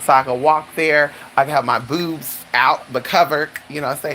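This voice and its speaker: Flamboyant streamer, sassy and chatty, mid-pitched voice, faint hiss behind. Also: brisk, few pauses, bright, forceful tone, rough recording. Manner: sassy and flamboyant, calls listeners honey and girl; swoops high for dramatic exclamations. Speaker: livestreamer. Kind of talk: casual live-stream chat.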